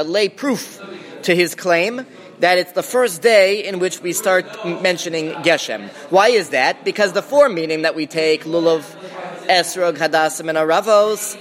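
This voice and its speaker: A man teaches a Talmud class in a lively classroom manner. His voice sits a bit high, and he thinks aloud, stopping and restarting as he works through the text. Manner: thinking aloud with restarts and Hebrew-Aramaic terms.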